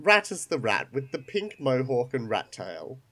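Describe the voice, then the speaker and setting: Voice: medium pitch, very animated, measured pace, a bit bright. A game master narrating an online tabletop game, voice still recovering after being sick.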